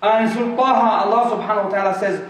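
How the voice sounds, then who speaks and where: A man preaches a Friday sermon in a high, ringing voice, passionate and pressing, stretching key words for emphasis and rattling through recited verses. He is recorded from a distance in a big hall, and his voice rolls around the room in a long echo. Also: fairly even intonation, a bit bright, a little hiss or hum. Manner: impassioned, slows for emphasis, recites Arabic verses quickly. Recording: echoey hall from far off.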